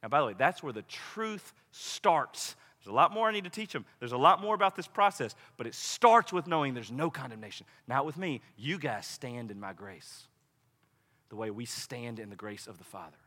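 Man, pastor, sermon, conversational, bright forceful tone, long hall reverb. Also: mid-range voice, normal speed. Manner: animated, conversational preaching with dramatic quoted voices.

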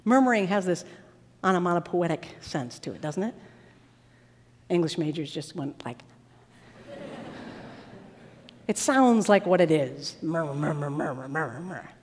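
A woman preacher giving a sermon in a large worship hall, with an animated and dramatic delivery. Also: fairly low pitch, slow, long pauses, slightly rough. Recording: long reverb of a large hall.

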